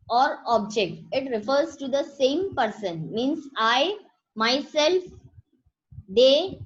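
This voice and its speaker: Slow-paced woman teaching. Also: high-pitched. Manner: explains and repeats slowly, checks understanding. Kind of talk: grammar lesson. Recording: dull lo-fi recording.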